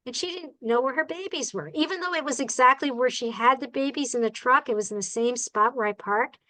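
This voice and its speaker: Chatty female bird rehabilitator, high voice, animated storyteller who checks in with the room. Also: fairly quick, rough recording. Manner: animated, acts out the people and birds in her stories; chatty, asks the audience "all right?". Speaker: bird rehabilitator giving a talk. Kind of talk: storytelling talk to a club.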